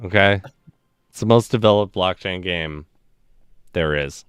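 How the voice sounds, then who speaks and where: Laid-back male stream host, low and smooth, dry close sound. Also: a little slow, no echo. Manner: laughs often, swears, animated storyteller. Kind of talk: casual chat.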